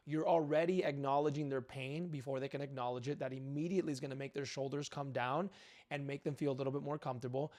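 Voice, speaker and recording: A man's voice: fairly high pitch, steady tone, brisk, darkish tone. A man coaching real estate agents, talking directly and acting out sample phone calls. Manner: direct and emphatic, acts out phone scripts. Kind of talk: coaching monologue with role-played cold calls.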